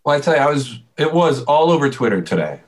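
Male co-host, animated storyteller recapping a game moment by moment. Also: on the high side, fast. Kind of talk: casual sports chat.

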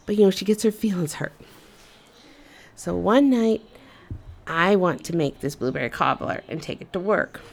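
A woman telling a humorous personal story in an animated, conversational way. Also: fairly low pitch, normal speed, gravelly, long pauses. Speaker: storyteller vlogger.

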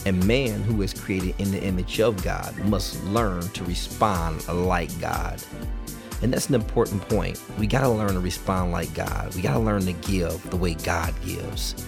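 A man's voice: sits low, fairly even intonation, unhurried, gravelly. A man preaching a sermon in an earnest, emphatic way. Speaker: pastor. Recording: music playing under the voice.

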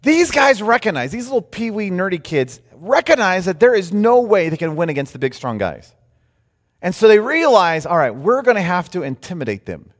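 Male pastor, high and very expressive, echoing in a large sanctuary. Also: normal speed. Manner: animated storytelling with shifting volume and pace. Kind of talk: sermon. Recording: reverberant hall.

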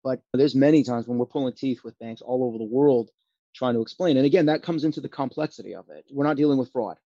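Earnest male interview guest, gravelly, dry and lo-fi. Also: mid-range voice, fast, warm tone, no room sound. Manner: earnest, restarts phrases often. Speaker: business owner in chargeback disputes. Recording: dull lo-fi sound.

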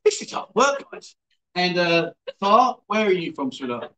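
A man's voice: sits high, sing-song, measured pace, fairly bright tone, rough recording. A man in his fifties hosting a livestream, chatting casually with guests, teasing them and reading viewer comments aloud. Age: 50s. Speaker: livestream host. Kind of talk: casual chat. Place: indoors, lounge.

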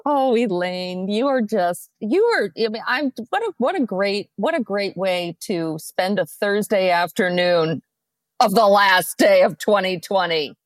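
A woman's voice: mid-range voice, animated, a little slow, no room sound. A woman co-hosting a podcast, chatting casually and encouragingly. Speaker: podcast co-host.

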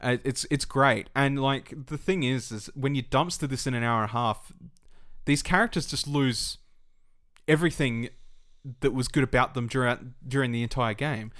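A man co-hosting a gaming podcast in loose, casual chat. His voice sits at an ordinary middle pitch. He talks with energy, swears freely and slips into mock voices to make his point. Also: normal speed, fairly bright tone. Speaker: podcast co-host.

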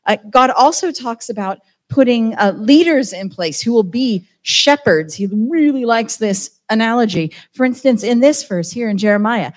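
A woman's voice: on the high side, animated, normal speed, hardly any pauses, a little mellow. A woman with a British accent on a church team, giving an informal, chatty sermon with self-deprecating asides. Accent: British English. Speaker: church team member preaching.

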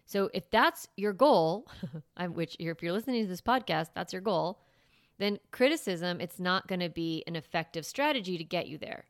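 Animated and lowish in pitch, a woman speaking at normal speed runs a parenting podcast as a casual advice monologue. She chats loosely with plenty of fillers and restarts, and the clean studio sound has no echo.

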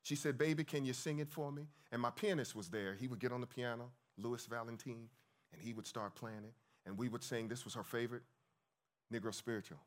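A man in his fifties telling a dramatic story at a church event, swinging between hushed and loud. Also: mid-range voice, steady tone, a little fast. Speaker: speaker and singer at a church event. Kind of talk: storytelling talk with sung spiritual.

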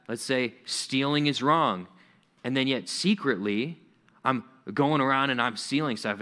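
A man's voice: mid-range voice, a little slow, bright, forceful tone. A young adult man preaching a conversational sermon to young people, acting out little quoted voices as he goes.

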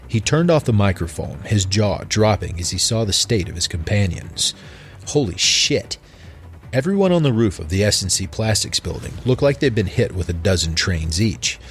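A man narrating a dark horror story in a measured, deliberate way. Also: lowish voice.

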